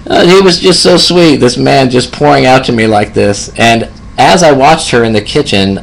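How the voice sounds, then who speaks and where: A man's voice: fairly low pitch, vocal fry, a little hiss or hum, rough recording. A man in his fifties, a hospice nurse, telling a personal story in a reflective way and laughing often. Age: 50s.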